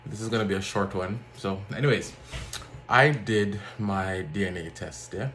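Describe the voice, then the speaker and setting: Low-voiced man telling a story. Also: normal speed, slight background noise. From Jamaica. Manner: animated, acts out other people's lines in a raised voice. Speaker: vlogger. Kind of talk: casual storytelling monologue.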